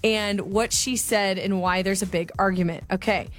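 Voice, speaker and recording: A woman co-hosting a radio show, reading out survey numbers and retelling a text exchange briskly. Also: mid-range voice, steady tone, soft background music. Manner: brisk storyteller, quotes texts aloud. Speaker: radio co-host.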